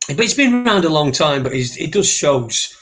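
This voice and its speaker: A man from the north of England chats casually on a live stream. He rambles, swears freely and keeps restarting his sentences, in a voice that sits a little high for a man. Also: very animated, moderate pace, fairly bright tone. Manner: rambling, swears a lot, many fillers and restarts. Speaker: co-host.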